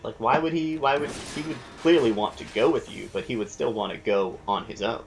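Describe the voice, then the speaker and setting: A man's voice: medium pitch, brisk, creaky. A man hosting a gameplay video, chatting casually and explaining the game's mechanics as he thinks aloud. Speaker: let's play host.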